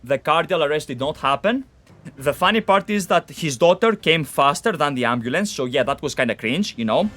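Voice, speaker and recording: A man streaming a game, telling a story in animated, profane casual chat. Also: on the high side, brisk.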